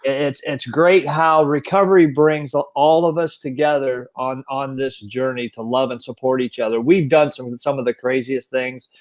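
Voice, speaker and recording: A man's voice: mid-range voice, fairly even intonation, moderate pace, hardly any pauses. A man hosting an interview, earnest and supportive, often repeating words as he speaks. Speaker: host. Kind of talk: earnest interview, recovery talk.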